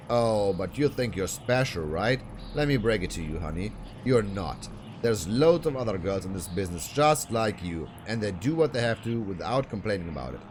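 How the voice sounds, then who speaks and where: A man reading lines for a scornful, abusive talent manager in a game, fairly low voice. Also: slight background noise, close to an everyday voice. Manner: scornful, bullying. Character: abusive middle-aged male talent manager, bullying.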